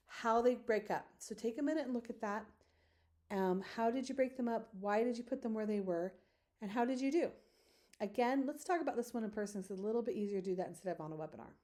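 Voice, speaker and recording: A woman's voice: on the high side, mellow. Patient woman teaching a webinar. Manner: patient, modeling classroom talk with slow stretched words. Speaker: teacher trainer. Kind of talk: recorded webinar lecture.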